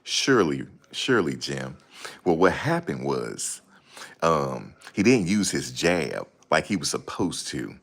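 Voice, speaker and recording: Man playing a pompous fight analyst, slow, formal, very deep voice. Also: big pitch swings, creaky, exaggerated voice. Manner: slow, fancy words, overly formal. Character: pompous male boxer turned TV analyst.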